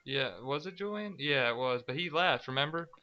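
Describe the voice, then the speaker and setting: Bright-voiced young man in laid-back chat. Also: fairly high pitch, animated, fairly quick, dry recording, highs cut off. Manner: laid-back, laughing retelling. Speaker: guest. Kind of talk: casual chat.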